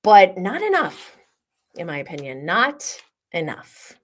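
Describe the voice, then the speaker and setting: A woman hosting a casual reality TV recap, gossipy and animated, often laughing. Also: lowish voice, slow. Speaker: host.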